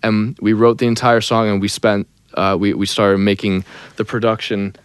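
A young man, a songwriter and singer, telling a story in a casual interview, lively and animated, dropping into sung snippets. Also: fairly low pitch, normal speed, clear, resonant tone, no echo. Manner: animated, breaks into sung snippets and acted quotes.

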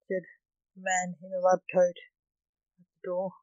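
A slow, measured storyteller reading a dark fantasy tale aloud. The voice sits at an ordinary middle pitch and sounds dry and close, with no room around it. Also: completely flat delivery, dry recording, poor audio. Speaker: narrator.

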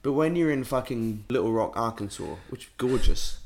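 A man's voice: mid-range voice, normal speed, darkish tone. A man chatting casually, crude and full of jokes and swearing. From England. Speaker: musician guest. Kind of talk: casual chat.

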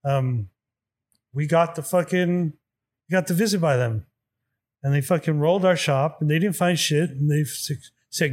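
A man spins a story in casual conversation, his voice sitting a little high. He swears constantly and plays out each side of the exchange himself. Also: normal speed. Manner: profane, animated, acts out dialogue. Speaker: guest telling a story.

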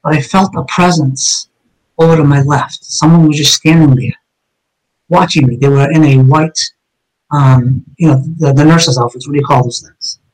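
A man's voice: fairly high pitch, fairly even intonation, normal speed, darkish tone, low-quality recording. A man, a police officer, telling his own story in a conversation, blunt and emphatic with heavy cursing.

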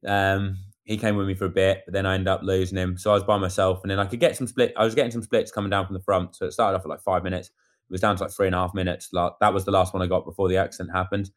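Fast-talking man telling a story. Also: low voice. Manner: animated storyteller acting out quotes. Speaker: amateur cyclist recounting a race. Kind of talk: casual chat.

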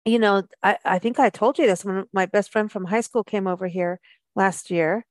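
A woman's voice: mid-range voice, normal speed, no echo. A woman from South Africa hosting a radio travel show, chatting in a rambling way full of "you know". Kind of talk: casual radio chat.

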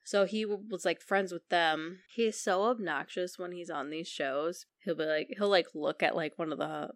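A woman co-host tells stories in relaxed podcast chat, slipping into little acted-out quotes. Her voice is slightly low, and the recording is dry and close, with no room echo. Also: normal speed. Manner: animated storytelling with acted-out quotes. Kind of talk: casual chat.

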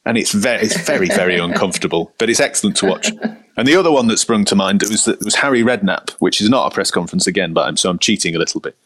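A man's voice: lowish voice, fast, no echo. A man chatting about football as a podcast panelist, telling stories animatedly. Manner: animated storyteller, mimics managers in quotes. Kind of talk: casual football chat.

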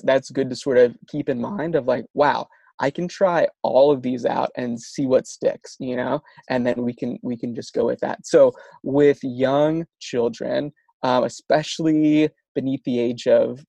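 A man's voice: mid-range voice, fairly even intonation, measured pace, creaky, dark tone, no echo. A man in an interview, explaining speech therapy techniques while stuttering with frequent sound repetitions and restarts. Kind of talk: conversational explanation.

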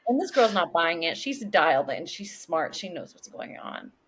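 A woman's voice: on the low side, big pitch swings, moderate pace, fairly bright tone, a little hiss or hum. A woman co-hosting a podcast, chatting casually as she recaps a TV episode and briefly acts out characters' lines. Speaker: podcast co-host.

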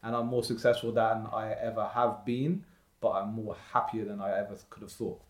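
A man's voice: fairly low pitch, steady tone, moderate pace. A man from Slough with a London-area English accent, a guest talking property investing in an emphatic, motivational way in a casual podcast chat. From Slough, England. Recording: roomy echoey room.

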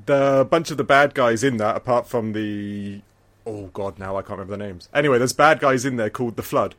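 A man's voice: mid-range voice, fairly quick, a bit bright. Man, podcast co-host, casual chat, rambling, restarts a lot, laughs easily.

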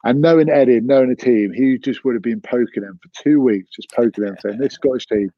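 A former rugby player chatting on a podcast, telling stories in a brisk, chatty way. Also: male voice, medium pitch, no room sound, highs cut off. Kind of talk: casual chat.

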